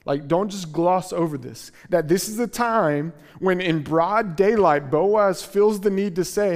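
A man preaching a sermon as pastor, reading scripture slowly and then retelling it in a casual, earnest way. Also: sits high, long reverb tail.

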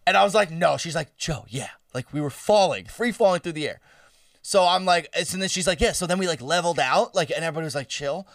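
A man's voice: a little high, quick pace, no echo, studio quality, far from the mic. A man in his twenties telling a story in casual chat, swearing and laughing as he goes. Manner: animated, swearing, laughing, acts out screams.

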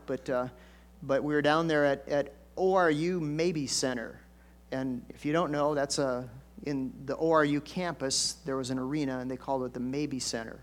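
An older man, a pastor, preaching a conversational storytelling sermon with folksy asides and emphatic swells. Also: on the high side.

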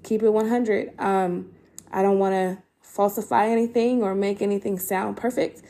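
A woman's voice: medium pitch, fairly even intonation, moderate pace, warm tone. A young woman hosting a podcast, talking earnestly about faith while emotional and holding back tears, with many ums and restarts. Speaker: podcast host. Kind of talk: casual faith-based encouragement talk.

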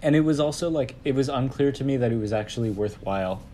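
A man's voice: mid-range voice, fast, warm tone, slight background noise. A man co-hosting a podcast, talking in a casual, rambling way with lots of fillers and restarts. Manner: rambling, hesitant, many fillers. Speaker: podcast co-host. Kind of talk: casual chat.

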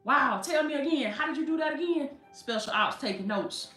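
A woman preacher, delivering an animated sermon, calling listeners baby and laughing often. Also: high-pitched, brisk, distant mic. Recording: echoey, from off the mic, faint music.

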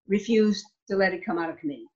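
A woman's voice: mid-range voice, quick pace. Emphatic woman legislator, slightly muffled. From Nevada. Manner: emphatic, repeats words, asks "okay?". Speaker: state legislator. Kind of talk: interview storytelling. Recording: slightly dull lo-fi sound.

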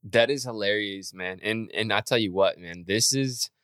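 A man's voice: lowish voice, moderate pace, fairly bright tone, clean tone, no room sound, studio quality. A man hosting a podcast interview in a casual, chummy way, laughing often and calling his guest "man" and "bro". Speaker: podcast host.

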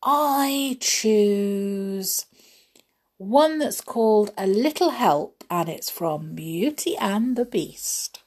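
A woman reading a children's story aloud, chatty and lively, asking her listeners questions. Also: medium pitch, takes it slowly, hardly any pauses, slightly rough.

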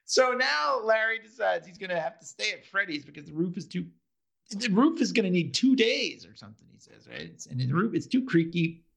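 A man co-hosting a casual podcast, recapping a TV episode. He rambles and acts out scenes, his voice slightly higher than most men's, gravelly, and full of swings in pitch. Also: sing-song, brisk, fairly bright tone. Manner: rambling, quoting scenes with laughs. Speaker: podcast co-host.

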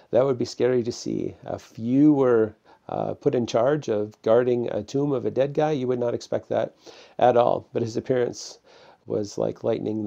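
A pastor with a gravelly, mellow, mid-range voice preaches to a camera in a loose, conversational sermon. He pauses on fillers as he goes, and the recording sounds dull and lo-fi.

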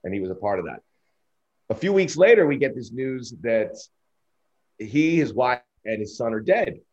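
This is a candid podcast interview with a middle-aged sports broadcaster who spins anecdotes and performs quoted lines. He sounds very animated, mid-range and darkish, moving at a moderate pace over dull lo-fi audio.

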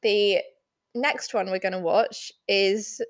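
A young woman chatting casually as a co-host, giggly and quick to react. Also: mid-range voice, fairly even intonation, no room sound. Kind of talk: casual chat.

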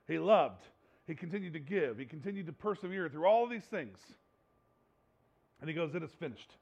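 Male pastor preaching hard, kinda high voice, goes quiet then loud, dull lo-fi sound. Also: lively intonation, brisk, vocal fry. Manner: impassioned, swings from hushed to loud. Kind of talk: sermon.

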